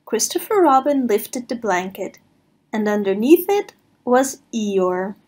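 A woman reads a picture book to small children, taking her time over every line. Her voice rises and falls in a lively sing-song, and it carries a soft, breathy edge. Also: fairly high pitch, slow. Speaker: storybook reader. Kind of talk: children's read-aloud narration.

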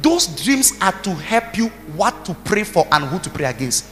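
Pastor, high and ringing, booming hall, soft music under him, punchy preaching. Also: male voice, very animated, moderate pace. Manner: emphatic preaching, shouting bursts, commands to the congregation. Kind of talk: sermon. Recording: reverberant hall with music behind.

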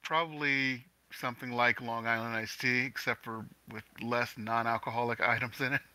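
Man with a bright, forceful voice. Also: medium pitch, moderate pace, no echo, poor audio. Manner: deadpan, joking. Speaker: player. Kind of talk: tabletop role-play chat.

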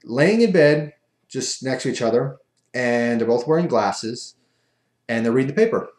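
A man's voice: mid-range voice, lively intonation, normal speed, a little mellow. A man casually telling a rambling, self-amused story as a vlogger, recorded in an echoey room.

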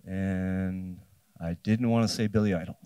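A man's voice: low voice, fairly even intonation, measured pace, mellow, smooth, no echo, muffled recording. A man in his fifties from New Jersey, telling a personal story on a festival stage and acting out the dialogue. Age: 50s. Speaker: keynote speaker. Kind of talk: live storytelling talk.

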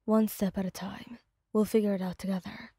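Woman reading as gruff hot-headed young guy, curt, mellow dry voice. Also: medium pitch, fairly even intonation, brisk, dry recording, close to an everyday voice. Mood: tender. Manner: blunt, curt orders. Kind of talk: fanfic audio reading.

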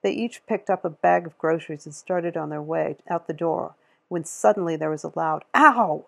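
Gravelly-voiced woman reading a novel. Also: sits low, steady tone, normal speed, a little mellow. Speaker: audiobook reader.

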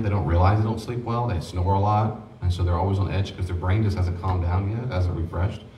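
A man with a low voice teaches a grief class before a small group, talking fast and folksy. He acts out quoted exchanges. The sound is roomy and distant, with faint noise behind. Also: a little mellow. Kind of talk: informal church teaching.

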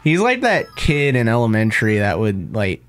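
Young dude roasting his buddy mid game, swoopy voice, soft game music behind. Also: fairly low pitch, wildly swooping pitch, normal speed. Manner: playful, mock-insulting, laughs a lot. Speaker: let's play co-host. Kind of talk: casual gaming banter.

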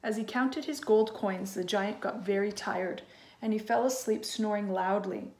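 A woman teacher reading a children's storybook aloud in an expressive way, with asides to her listeners. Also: mid-range voice, measured pace.

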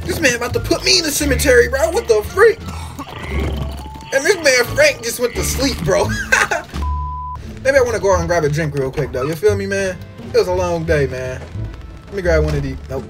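A young man giving casual gameplay commentary, excitable and slangy, swinging from low mutters to sudden yelps and trash talk. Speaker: gaming YouTuber.

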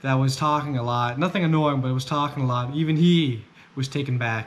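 A man's voice: medium pitch, slight background noise. A young man vlogging casually, chatty and joking as he rambles. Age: young adult. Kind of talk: casual vlog narration. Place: outdoors on a pier by the water.

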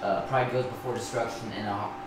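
A man's voice: on the low side, steady tone, quick pace. A man in a class adding a brief, hesitant comment. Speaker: class participant. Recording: distant, very echoey, noisy with hum.

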